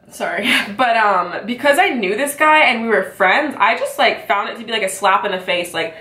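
A woman's voice: a little high, expressive, moderate pace, pushed and bright. A young woman vlogging a casual mukbang, ranting in a chatty, exasperated way full of fillers while eating and chewing at her table at home. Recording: echoey room.

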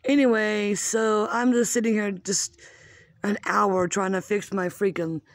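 A woman's voice: mid-range voice, fairly even intonation, a little slow, dry recording. A woman in her fifties ranting casually at home, rambling, swearing freely and poking fun at herself. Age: 50s. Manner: rambling, profane, self-mocking. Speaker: vlogger. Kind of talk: casual rant.

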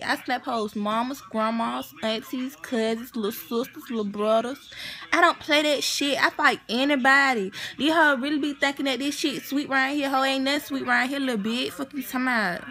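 Brash Atlanta woman, bright and high. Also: fairly even intonation, moderate pace. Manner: brash, profane, confrontational. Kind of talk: comedic skit monologue.

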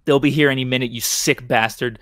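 A man's voice: medium pitch, fairly even intonation, fairly quick, a bit bright, dry recording, studio quality, lightly acted. A man voicing a frightened young woman held captive in a story reading, pleading.

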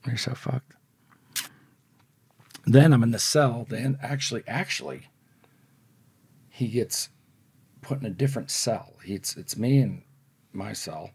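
Gravelly, husky-voiced man telling a story. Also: lowish voice, a little mellow, no echo. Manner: blunt, profane storytelling. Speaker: podcast guest. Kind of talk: storytelling in an interview.

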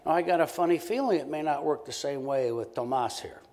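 Man giving a lively conference keynote. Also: a little high, fairly quick. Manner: conversational, animated, acts out short quoted exchanges. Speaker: keynote speaker, professor. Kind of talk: conference lecture.

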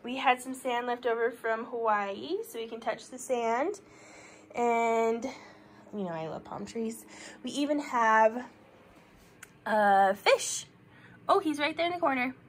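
A chatty woman in her thirties walks through her basement, talking on a handheld phone with a fairly high voice and an easy, casual manner. A faint room hum sits under her voice. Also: measured pace. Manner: chatty, laughs often, drops to a whisper in a spooky room. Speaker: vlogger giving a home tour. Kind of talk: casual walkthrough vlog. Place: rooms of a home basement.

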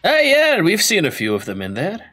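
A lanky, easygoing half-dwarf stable hand, voiced by a man in a tabletop game. He talks higher than his usual voice, with a lively, swinging pitch. He sounds chatty and laid-back, with a bright tone. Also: brisk, slightly rough, soft background music, exaggerated voice.

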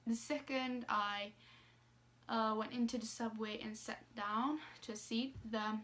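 Swedish woman vlogger, slightly high voice, halting casual phone-recorded storytelling. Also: fairly even intonation, fairly bright tone. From Sweden. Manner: halting, with many ums and likes.

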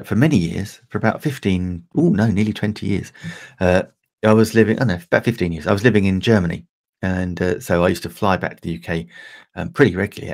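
A man's voice: low-pitched, creaky. A middle-aged English man chatting casually on a livestream, rambling with many fillers and restarts. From England. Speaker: livestream host.

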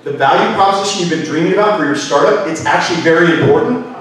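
A workshop speaker gives a live talk, firing many questions at his audience in a fairly high-pitched voice at a fast pace. The mic is far off in an echoey hall.

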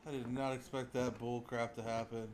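A young man giving excitable live commentary while he plays a game, laughing and shouting as he reacts. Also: medium pitch, moderate pace, a little hiss or hum. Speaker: streamer.

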